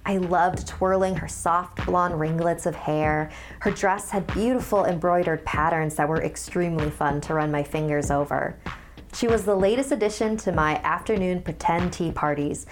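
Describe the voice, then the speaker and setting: A woman hosting a horror podcast and narrating a scary story in a calm, hushed, measured voice. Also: fairly low pitch. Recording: music underneath.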